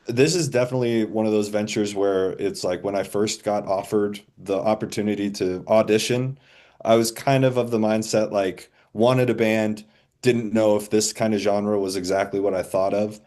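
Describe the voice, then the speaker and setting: A man in his forties, a band's drummer, talking in a relaxed, rambling, self-deprecating way as a podcast guest. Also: lowish voice, moderate pace. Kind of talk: casual podcast chat.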